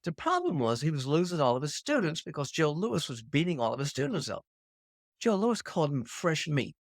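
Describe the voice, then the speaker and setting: An older man hosting his own show, telling an anecdote to camera in an animated storytelling manner. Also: no echo, clean studio sound. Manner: animated anecdote-telling, pitch leaps on punchlines. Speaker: host.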